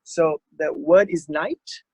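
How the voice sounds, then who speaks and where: Man, vocal coach, slow and halting, dry close sound, online workshop. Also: fairly high pitch, creaky, husky, no echo. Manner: relaxed, halting explanations with sung examples. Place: online video call.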